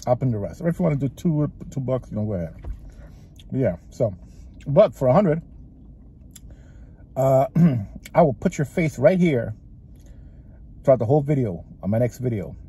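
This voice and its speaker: A man vlogs casually as he eats in his parked, running car, chatting and rambling between bites in a Texas-sounding drawl. His mid-range voice is mellow with a breathy edge, lively in intonation, moderately paced and broken by long pauses.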